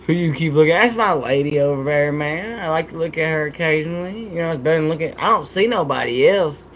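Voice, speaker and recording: A man's voice: on the high side, fast, a little hiss or hum. A young man hosting a casual livestream, laid-back and slangy, joking and laughing often. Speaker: livestream host.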